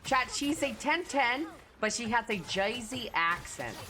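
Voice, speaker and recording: Brash, crude woman streamer yelling. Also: fairly high pitch, expressive, measured pace, music in the background. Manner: crude, brash, yells at teammates and chat. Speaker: livestreamer. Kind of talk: live gaming stream chat.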